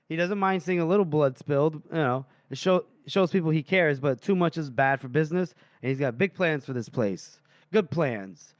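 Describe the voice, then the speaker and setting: A man's voice: fairly high pitch, normal speed, dry recording, clean studio sound. A man co-hosting a book podcast, casually retelling chapter scenes and laughing often. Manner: paraphrases dialogue loosely, frequent laughs. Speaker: podcast co-host.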